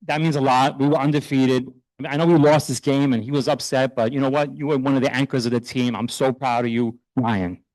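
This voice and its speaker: A middle-aged man, a youth soccer coach, speaking earnestly and proudly while honoring his players at a town meeting, loose and a little halting. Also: mid-range voice, steady tone, a little mellow, dry recording, low-quality recording. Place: township council meeting room.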